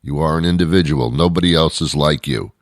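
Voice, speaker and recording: A man's voice: rumbling low, fairly quick, dry recording, clean studio sound. A male radio show host delivering a comedic, rambling monologue with sarcastic, mock-boastful asides.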